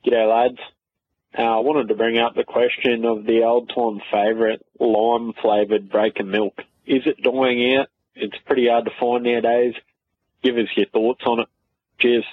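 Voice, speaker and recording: Flat Australian man on a phone message. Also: mid-range voice, moderate pace. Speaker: listener sending a voice message. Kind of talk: recorded voice message. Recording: tinny phone recording.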